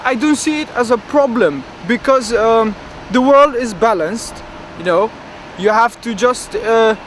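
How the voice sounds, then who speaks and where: A man plays a grandiose young dreamer with sky-high ambitions. He rambles boastfully and fills his talk with hesitations, in a high voice. Loud traffic fills the outdoor street behind him. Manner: rambling, boastful, full of fillers. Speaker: interviewee. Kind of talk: comedic street interview.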